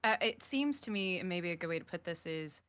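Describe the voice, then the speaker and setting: A woman's voice: fairly low pitch, lively intonation, a little fast, a bit bright. Chatty, gushing woman host. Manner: chatty, laughing, gushing, asks rambling questions. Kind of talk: casual live-stream interview.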